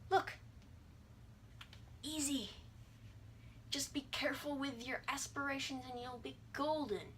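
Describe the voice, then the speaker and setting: A woman's voice: high voice, fairly even intonation, a little slow, pauses often, a bit bright, slight background noise. A young adult woman giving a casual video lesson, breezy and irreverent, sounding out vowels and words as she explains. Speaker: language teacher.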